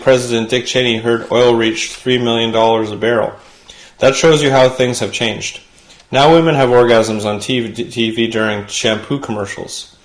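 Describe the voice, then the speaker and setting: Brief: male late-night host, mid-pitched voice, punchy monologue delivery, roomy studio sound. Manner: punchy joke delivery, chatty asides. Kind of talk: comedy monologue.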